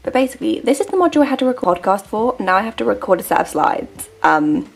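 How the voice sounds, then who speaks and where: A woman's voice: mid-range voice, sing-song, rapid-fire, gravelly, roomy sound, faint music behind, rough recording. A woman in her twenties talking to camera in a casual vlog. She rants in exasperation, often restarting sentences and trailing off. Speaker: vlogger.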